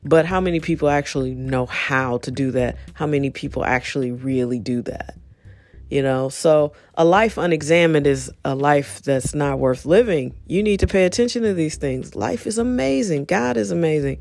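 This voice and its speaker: A middle-aged woman talking earnestly in a rambling, reflective podcast monologue about self-talk, with soft music behind. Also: low voice, moderate pace, vocal fry. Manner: earnest, rambling, self-help tone with many "you know"s. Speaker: podcast host.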